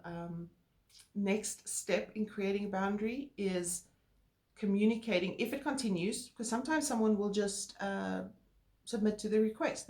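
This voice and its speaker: Earnest woman talking in a roomy space. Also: mid-range voice. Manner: earnest, calm, explanatory with filler words. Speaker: co-host. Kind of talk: casual chat. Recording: roomy echo.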